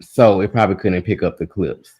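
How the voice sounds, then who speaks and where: A man's voice: deep voice, brisk, darkish tone, slightly rough. Profane, exasperated male live-stream host. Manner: exasperated, profane, talking to his listeners. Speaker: host of a live gossip show. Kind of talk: casual live-stream chat.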